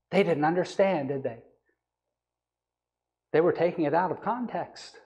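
A man's voice: sits high, normal speed, vocal fry, long pauses, a little mellow. A male evangelist preaching a sermon, reading scripture aloud and then explaining it with rising emphasis.

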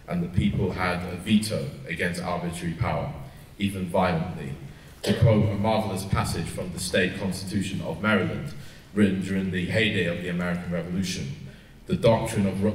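A man giving a panel talk in a lecture hall, pausing often with fillers and restarts, heard from a distance. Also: low-pitched, a little hiss or hum. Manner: hesitant, many fillers and restarts. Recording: echoey hall, heard from afar.

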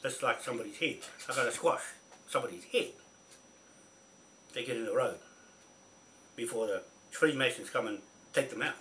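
Bright-voiced angry New man ranting. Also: mid-range voice, moderate pace, long pauses, slight background noise. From New Zealand. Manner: confrontational, scolding, repetitive. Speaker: vlogger. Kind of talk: angry rant to camera.

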